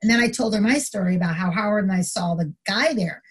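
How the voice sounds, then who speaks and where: This fast-talking middle-aged woman has a breathy edge to her voice. She's a retired corrections officer recounting a story in a casual interview, animated throughout and acting out quoted lines with large pitch leaps.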